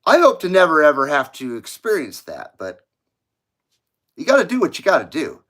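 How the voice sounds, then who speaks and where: A man chats loosely on a live stream, reading viewer comments aloud and laughing along. His voice sits a bit high for a man and swings widely in pitch. The talk meanders from one remark to the next. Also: huge pitch swings, moderate pace, fairly bright tone. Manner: rambling, laughs often, reads comments aloud. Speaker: livestream host reading viewer chat. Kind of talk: casual chat.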